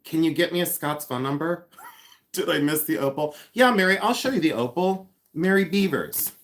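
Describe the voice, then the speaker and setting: A man's voice: fairly high pitch, lively intonation, normal speed, a bit bright. A man in his fifties hosting a casual livestream, joking with viewers by name and teasing himself. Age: 50s. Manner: playful, self-mocking, teasing viewers by name; hums and scats tunes. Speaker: livestream host. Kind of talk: casual live chat.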